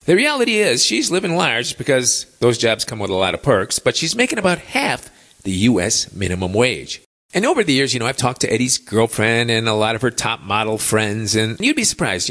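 A man's voice: medium pitch, a bit bright. A middle-aged man hosting a podcast, delivering a chatty, opinionated monologue full of rhetorical questions. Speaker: podcast host.

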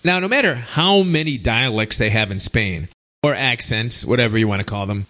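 A man's voice: mid-range voice, moderate pace, bright, forceful tone. A man hosting a talk show, reading listener email and chatting with wry asides. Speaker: podcast host. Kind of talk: casual radio-style talk show.

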